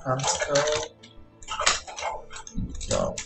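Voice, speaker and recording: A man's voice: on the high side, wildly swooping pitch, very slow, creaky, rough recording. A man streaming his game programming, thinking aloud and muttering to himself as he types code. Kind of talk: live coding narration. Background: music and keyboard typing.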